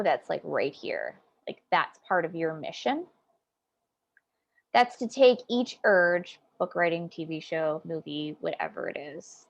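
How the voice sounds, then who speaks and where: A woman guest speaking as a psychic in a casual interview, animated, swinging from loud emphasis to quiet asides. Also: mid-range voice, muffled recording.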